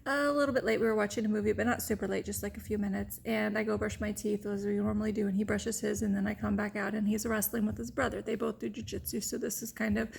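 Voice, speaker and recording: A woman's voice: medium pitch, level tone, fast talker, creaky, hardly any pauses, a little hiss or hum. A woman vlogger telling a candid personal story straight to the camera, open and rambling, with many "like"s and "you know"s.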